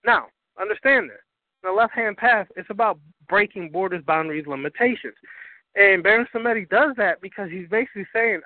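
A man's voice: sits high, a little fast, no echo, narrow, tinny audio. A man hosting a talk show on spirituality. He talks emphatically, swears freely and keeps asking his listeners whether they understand. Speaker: host.

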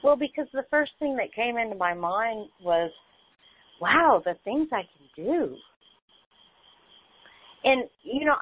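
A woman speaks on a group call about changes in her life, heartfelt and a little rambling. She acts out the conversations she recounts. Her voice comes through a narrow, tinny phone connection. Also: mid-range voice. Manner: emotional, repeats phrases, acts out quoted dialogue. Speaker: community call participant. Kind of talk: personal sharing on a group call.

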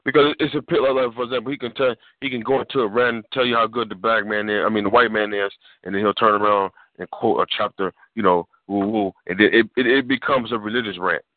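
A man with a lowish voice speaks bluntly and with emphasis, cursing as he makes his points. He comes through a dry, close, tinny phone line with no room sound. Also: steady tone, quick pace, few pauses, dry recording. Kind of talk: casual radio talk.

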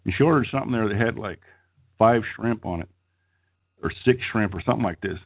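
Husky-voiced man, tinny line. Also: fairly low pitch, a little fast. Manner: profane, rambling, laughs mid-story. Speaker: storyteller on a podcast. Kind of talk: crude casual storytelling.

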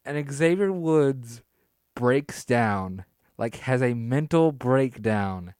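A man's voice: mid-range voice, smooth, no echo. Guy riffing on a podcast, laughs a lot, stretches words out, dead dry mic sound. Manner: animated, laughing, slows down for emphasis. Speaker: podcast co-host. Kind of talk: casual wrestling podcast chat.

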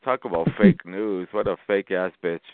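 A man's voice: low voice, normal speed, background noise. A man from Boston on a conference call, talking in a brash, taunting way and laughing at the other callers. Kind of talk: trolling phone chat. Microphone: phone. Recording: tinny phone line.

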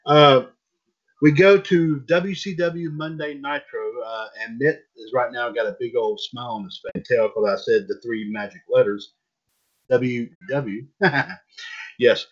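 A man hosts a loose wrestling chat, tossing questions to his co-hosts between fillers and restarts. His voice sits in a middling pitch. The audio is a little muffled and lo-fi. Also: steady tone, slightly rough. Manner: halting, many restarts and fillers. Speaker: podcast host.

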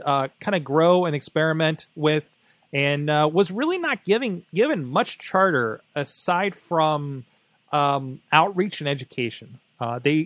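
A man's voice: a little high, fairly bright tone, no room sound. Rambling man hosting a solo podcast. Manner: rambling, many fillers and restarts. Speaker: podcast host. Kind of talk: casual solo monologue.

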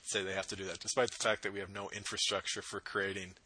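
A man hosting a casual podcast, wry and quick to laugh, running through stats and opinions. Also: sits low, little pitch movement, pushed and bright, breathy edge, no echo. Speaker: podcast host. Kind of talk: casual sports and politics chat. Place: home with dogs.

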